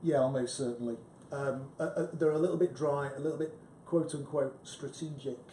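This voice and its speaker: Male panelist, chatty and emphatic, faint rumble behind. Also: steady tone, brisk, warm tone. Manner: chatty, emphatic, frequent restarts. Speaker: book club panelist. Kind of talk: casual discussion. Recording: echoey room with faint rumble.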